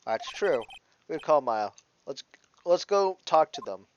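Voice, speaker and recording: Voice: medium pitch, very animated, slow pace, dull audio, a little hiss or hum. A player reading the lines of a flustered young male lawyer in a video game, hesitant and apologetic. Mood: plain. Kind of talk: reading game dialogue aloud.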